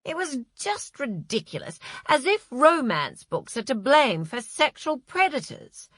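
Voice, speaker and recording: Flustered, gushing male agent, read by a woman; lively pitch, dry close sound. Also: no room sound, exaggerated voice. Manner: gushing, hurried, self-reproaching.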